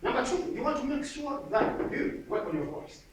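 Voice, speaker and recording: Energetic man in an echoey hall. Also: very high-pitched, normal speed. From Zimbabwe. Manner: energetic, calls out to the audience. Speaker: public speaking coach. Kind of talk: motivational seminar talk. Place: large hall with an audience. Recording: echoey hall from far off, audience noise.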